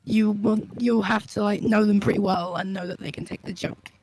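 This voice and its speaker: A man's voice: high-pitched, steady tone, a little fast, a little mellow, no echo, poor audio. A man with an English accent chatting on a live stream, rambling and laughing often as he explains things. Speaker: streaming guest. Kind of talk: casual chat on a live stream.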